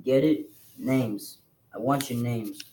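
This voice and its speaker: A man's voice: slow pace, a little hiss or hum, natural voice, poor audio. A man reading a novel aloud and voicing a hulking, threatening biker gang boss. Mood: menacing. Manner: low, quiet, threatening. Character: menacing burly adult male biker boss.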